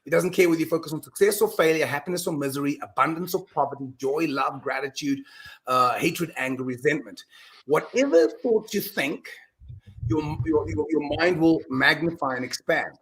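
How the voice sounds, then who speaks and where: Lively man telling a story, slightly high voice. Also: moderate pace. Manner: animated storyteller, repeats words when restarting; acts out his own self-talk. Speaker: podcast guest, mindset coach. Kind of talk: casual conversational interview.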